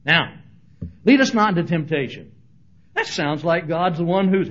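Male pastor, lively humorous sermon delivery that acts out the people he quotes; slightly high voice, muffled lo-fi sound. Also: moderate pace, long pauses.

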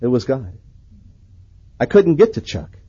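A man preaching a sermon and telling his own story in a lively way, swinging from excited to hushed. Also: mid-range voice, a little slow, lo-fi sound, a little hiss or hum. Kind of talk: sermon with personal testimony.

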